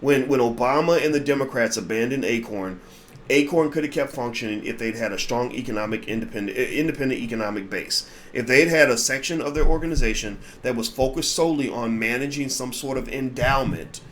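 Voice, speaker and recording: A man's voice: mid-range voice, a little fast, slight background noise. Blunt, emphatic man talking. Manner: emphatic and blunt, repeats words when starting sentences. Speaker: host of a commentary channel. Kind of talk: commentary monologue.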